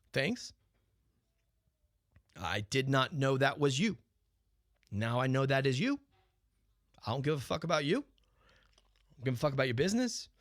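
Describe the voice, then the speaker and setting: A man's voice: mid-range voice, big pitch swings, unhurried, long pauses, no room sound, studio quality. A man hosting his own talk show, ranting profanely in an unscripted monologue, firing rhetorical questions and restarting his sentences.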